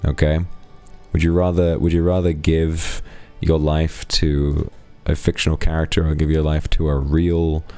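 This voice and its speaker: A man's voice: extremely low pitch, darkish tone, no echo. A young man streaming live, thanking donors and chatting frankly and playfully with his audience. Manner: frank, teasing banter with chat. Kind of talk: casual live-stream chat.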